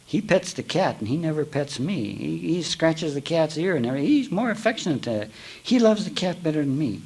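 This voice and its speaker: A man's voice: fairly high pitch, big pitch swings, brisk, a little mellow, husky, full character voice. A man voicing a dim-witted, jealous male cow in a spoken fable, musing and plotting aloud. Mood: aggrieved.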